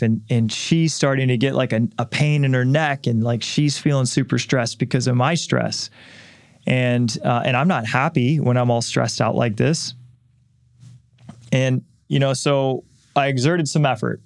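Earnest, gravelly-voiced male host. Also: medium pitch, normal speed, dry recording, studio quality. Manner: earnest, candid, frequent fillers and restarts. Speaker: podcast host and author. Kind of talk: personal reflective monologue.

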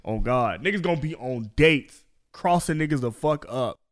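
A young man co-hosting a podcast, loud and animated in crude casual banter, repeating his catchphrases. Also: medium pitch, normal speed. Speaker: podcast co-host.

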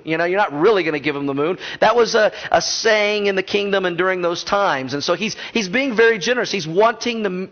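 A male pastor with a high voice preaches a sermon in a conversational way. He makes joking asides to the congregation. The sound is dull and muffled. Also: a bit bright.

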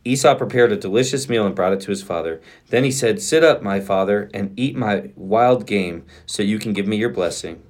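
A man's voice: fairly low pitch, a little fast, hardly any pauses, darkish tone. A man co-hosting a podcast, reading scripture aloud in turns with a co-host, earnest and emphatic on pleading lines.

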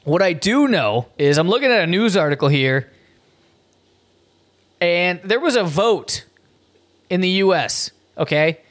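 High-voiced man ranting, profane. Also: sing-song, unhurried, pauses often, fairly bright tone. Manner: profane, incredulous ranting with stumbles. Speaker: podcast host. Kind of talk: comedic rant monologue.

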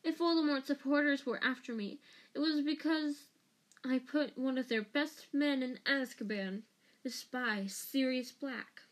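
A woman voicing a cowardly middle-aged male traitor wizard, shrill, panicky and stammering. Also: unhurried. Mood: pleading.

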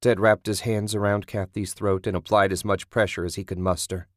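A man with a low voice reads a gory horror story in a steady, measured way. The recording is dry and close, with no room sound. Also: dry recording. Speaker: narrator. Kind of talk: scripted horror audiobook narration.

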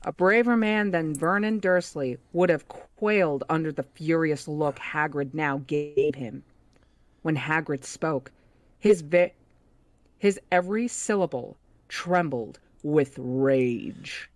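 A woman's voice: low-pitched, takes it slowly, no echo. A woman hosting a book club podcast, reading a novel aloud steadily and correcting her own slips. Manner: reads steadily, with slips she corrects herself.

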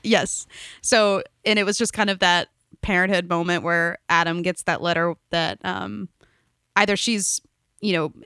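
Young woman, podcast co-host, casual chat, animated storytelling, bright tone, dry close sound. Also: fairly low pitch, unhurried, smooth, no room sound. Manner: chatty storyteller, acts out quotes with laughs.

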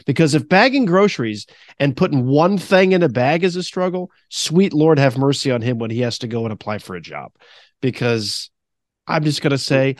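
A man's voice: mid-range voice, animated, normal speed, dry recording. Guy in his 30s on a podcast, voice bounces up and down a lot, dry close sound, rambling storyteller. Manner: rambling storyteller, laughs often. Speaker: podcast co-host. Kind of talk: casual chat.

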